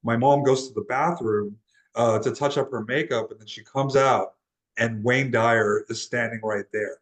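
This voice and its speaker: Telling a personal story as an interview guest, this young transformational guide from Laredo, Texas, USA, has a mid-range voice with fairly even intonation and a moderate pace. He is earnest and casual, often restarting and repeating words, and the recording is low quality.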